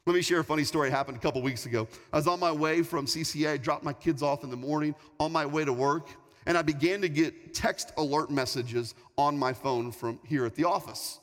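A man's voice: on the high side, brisk. A male pastor preaching a sermon in a large church hall, talking in a conversational, repetitive, storytelling way. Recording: long hall reverb, faint music.

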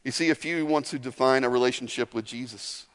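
A man's voice: medium pitch, brisk, clean tone. A man preaching a sermon to his congregation in a casual, conversational way, acting out little asides as he goes. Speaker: pastor. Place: large church hall. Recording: long hall reverb.

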